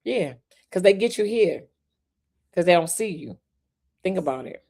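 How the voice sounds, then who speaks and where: Low-voiced woman hosting a live chat. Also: unhurried, long pauses. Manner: laughing, animated, talks straight to viewers. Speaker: podcast host. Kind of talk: casual live-stream chat.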